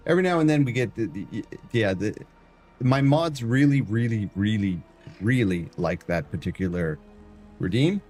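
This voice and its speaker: A man's voice: fairly low pitch, lively intonation, moderate pace, darkish tone, faint music behind. A man from Canada, a variety streamer chatting casually and jokingly with his live-stream chat.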